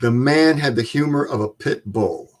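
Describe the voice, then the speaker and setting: A man in his seventies, a guest, telling stories in a plain-spoken, measured way. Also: mid-range voice. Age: 70s. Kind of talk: storytelling interview.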